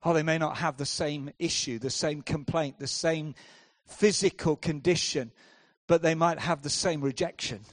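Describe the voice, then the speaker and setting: A man delivers a sermon in a fairly high voice, recorded dry and close. He swings from hushed, drawn-out lines to loud, driving bursts. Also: steady tone, no room sound. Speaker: preacher.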